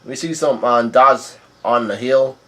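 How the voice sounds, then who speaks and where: A man, host of his own channel, casually retelling a comic chapter in a rambling, halting way. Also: mid-range voice, a bit bright. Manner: rambling, halting, with restarts and laughs. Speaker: video host.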